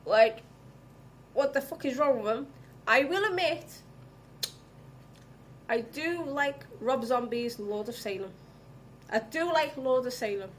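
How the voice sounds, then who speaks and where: A woman's voice: high voice, measured pace, pauses often, a little hiss or hum. A woman vlogging, ranting angrily with heavy swearing. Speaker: vlogger reviewing films. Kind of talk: casual ranting vlog.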